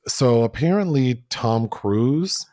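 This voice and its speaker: A man co-hosting a film review podcast in casual chat, animated and acting out lines from the movie. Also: mid-range voice, slow pace, no room sound, studio quality. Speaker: podcast co-host.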